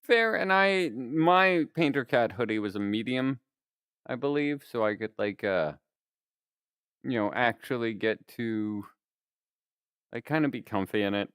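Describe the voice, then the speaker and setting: A man's voice: medium pitch, unhurried, long pauses, a bit bright, smooth, no room sound, studio quality. A young man streaming, telling a rambling story in casual chat and laughing often.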